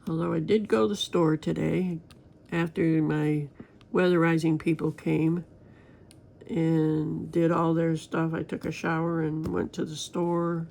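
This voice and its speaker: A woman's voice: sits low, little pitch movement, unhurried, vocal fry, a little mellow. A woman crafting vlogger chatting casually and rambling to her viewers while she works on a diamond painting.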